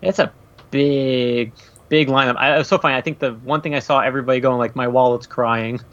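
A chatty man co-hosting a relaxed gaming podcast, his talk full of loose "like" fillers. His voice sits at an ordinary pitch. The recording is a little dull and lo-fi. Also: fast talker. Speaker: podcast co-host. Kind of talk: casual chat.

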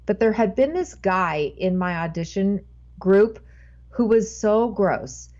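A woman's voice: mid-range voice, lively intonation, slow pace, darkish tone. A woman guest tells a long story in loose, casual talk. She keeps breaking off and starting her sentences again. The recording sounds slightly dull and lo-fi. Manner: rambling, self-interrupting storyteller. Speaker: podcast guest. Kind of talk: casual anecdote telling.

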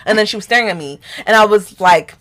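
A young woman from Nigeria recounts a story on a podcast in loose, casual chat. She is animated and profane and acts out the lines of both people in the quarrel. Her pitch sits in an ordinary middle range. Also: quick pace. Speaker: podcast co-host.

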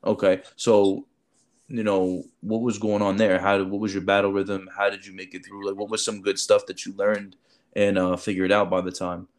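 A man's voice: deep voice, normal speed. This is a man in easy conversation, full of slang and constant "bro"s. He tells his stories with energy and acts out the people in them. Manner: animated, acts out quotes in changed voices; slangy, says "bro" a lot. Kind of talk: casual storytelling chat.

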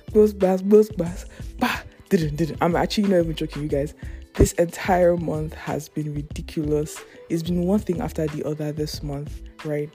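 A woman's voice: on the low side, mellow. A young woman hosting her own podcast in casual solo chat, rambling and playful, often laughing. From Yoruba family background. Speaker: podcast host.

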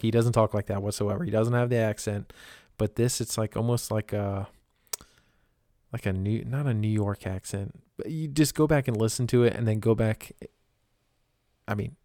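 Guy doing a solo wrestling pod, kinda low voice, dry close sound, rambles and swears a lot. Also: a little mellow, no room sound. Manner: rambling, blunt, swears freely, many fillers. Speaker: wrestling podcast host. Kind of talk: casual solo recap.

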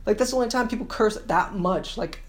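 A man's voice: sits high, brisk. A man ranting in a casual monologue, annoyed and sarcastic, sometimes mocking others in put-on voices. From San Francisco Bay Area. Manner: mimics women in mocking voices. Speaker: vlogger.

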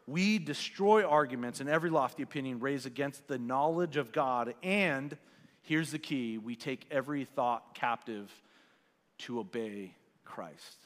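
A man in his forties preaching a sermon in a church in a conversational way, growing quiet when he prays. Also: mid-range voice, a little slow. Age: 40s. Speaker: pastor. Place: church sanctuary. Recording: long hall reverb.

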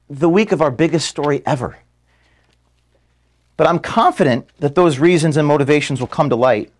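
A man giving a farewell address to his staff, filmed in an office room. He is close to tears and halting, and he stops to apologize as he speaks. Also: medium pitch. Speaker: organization founder giving a farewell speech to staff.

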